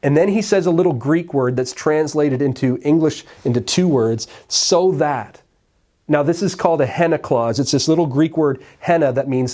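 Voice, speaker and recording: A male pastor preaching a sermon, retelling a scripture story and acting out the dialogue with animated, conversational delivery. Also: a little high, moderate pace. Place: church sanctuary.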